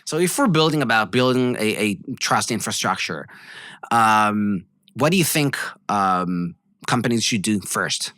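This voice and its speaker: A man's voice: lowish voice, expressive, unhurried, pushed and bright, dry recording, studio quality. A man co-hosting a business podcast, asking questions in a hesitant, thoughtful way with frequent "um"s. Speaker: podcast co-host. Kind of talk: casual business podcast chat.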